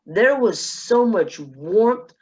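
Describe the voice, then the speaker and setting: A woman from South Texas on a panel, telling a personal story in a lively way and acting out the dialogue. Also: mid-range voice, extremely slow, husky, lo-fi sound. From South Texas, USA. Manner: lively, acts out dialogue in quotes. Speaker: panelist, speech contest finalist.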